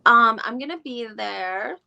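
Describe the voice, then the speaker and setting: The sound is lo-fi, and the woman's voice sits on the high side, smooth yet creaky, with a sharp tone and an unhurried pace. Hosting a podcast's live recap, she chats casually on stream, thinking aloud as she looks things up online, rambling with many fillers and mild curses.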